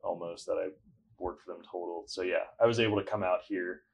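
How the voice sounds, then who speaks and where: Deep-voiced young man, laid-back chat. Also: brisk, vocal fry, breathy edge. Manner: relaxed, rambling with fillers and sarcastic asides. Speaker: podcast guest. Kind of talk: casual interview chat.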